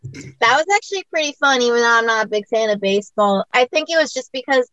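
A woman's voice: a little high, expressive, fast talker, fairly bright tone, no echo, lo-fi sound. A young woman from the US chatting casually about sport, rambling with many fillers. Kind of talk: casual chat.

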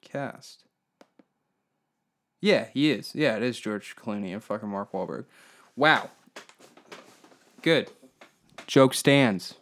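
A man's voice: on the low side, slow pace, pauses often. A man hosting a solo comedy podcast, rambling in a profane, mocking rant. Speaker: podcast host.

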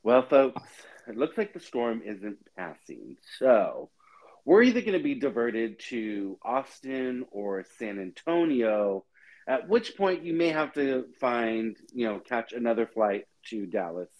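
A male airline pilot delivers flat, matter-of-fact cabin announcements, as a man imitates him. The delivery stays level and businesslike throughout. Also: medium pitch, measured pace, poor audio. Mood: announcing.

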